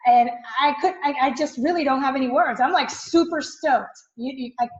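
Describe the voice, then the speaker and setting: A high-pitched woman gushes with effusive enthusiasm in a client testimonial. She sounds like she is in a roomy space. The audio is slightly dull. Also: normal speed. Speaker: real estate agent client.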